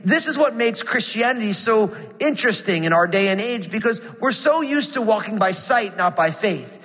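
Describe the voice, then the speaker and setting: A man's voice: high-pitched, sharp tone, long reverb tail. A man in his forties preaching a sermon earnestly, repeating key phrases as he builds intensity. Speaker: pastor.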